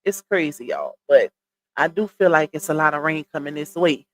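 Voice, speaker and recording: A woman's voice: sits low, normal speed. A woman hosting a casual livestream, chatty and greeting her viewers by name, a little winded from a cold. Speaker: livestream gossip host. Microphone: computer streaming setup.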